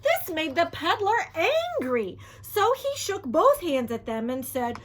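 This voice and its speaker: Animated woman teacher reading a storybook aloud. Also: very high-pitched, takes it slowly, few pauses. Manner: animated, asks the listening children questions, drops to a whisper. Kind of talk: children's storybook read-aloud.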